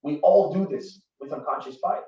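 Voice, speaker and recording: A man's voice: fairly high pitch, moderate pace. A man in his thirties from Canada, giving an earnest, conversational talk built on personal stories. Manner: earnest, conversational, grows forceful. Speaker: guest speaker. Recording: distant roomy lo-fi recording.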